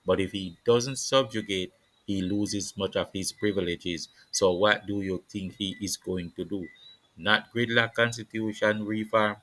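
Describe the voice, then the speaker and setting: A man holds forth on politics in a preaching, declamatory style, stacking repeated phrases. His voice sits very low yet comes across forceful and bright-edged. The recording is dry and close, with no room sound. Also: fairly even intonation, a little slow, dry recording, poor audio. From Jamaica. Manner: preaching, declamatory, repetitive cadences. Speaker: political commentator. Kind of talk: impassioned political monologue.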